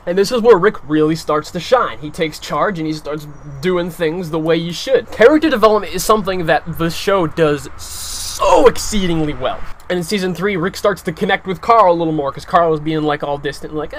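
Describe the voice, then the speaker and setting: Young male reviewer, a bit high-voiced, chatty and opinionated; faint hiss underneath. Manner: animated, opinionated, lots of filler "like". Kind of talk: casual video review.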